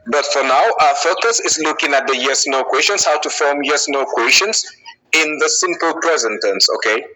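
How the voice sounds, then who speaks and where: Male English teacher with a cutting, bright voice, pitched slightly high. Patient, stops often to check understanding. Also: low-quality recording. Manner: reads example sentences slowly and clearly. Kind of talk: live English grammar lesson.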